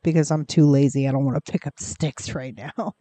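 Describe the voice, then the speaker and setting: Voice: medium pitch, sing-song, normal speed, warm tone, no room sound. A game streamer in casual gameplay commentary, chatty and rambling, cooing at pets in the game, close to a desk mic.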